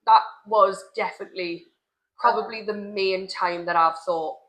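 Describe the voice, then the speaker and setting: A woman's voice: mid-range voice, fairly even intonation, moderate pace, fairly bright tone. A woman with a mid-range voice co-hosts a casual podcast. She tells her side of things candidly, with the odd swear word. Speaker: podcast co-host, salon owner. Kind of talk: casual chat.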